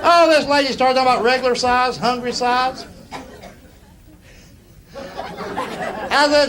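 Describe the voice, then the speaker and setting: Male stand-up storyteller with a lively, swinging delivery, recorded live with crowd laughter and hiss. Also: very high voice. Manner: folksy, drawn-out storytelling, slipping into quoted voices. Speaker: stand-up comedian. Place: live comedy stage before an audience. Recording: live show with audience laughter and noise.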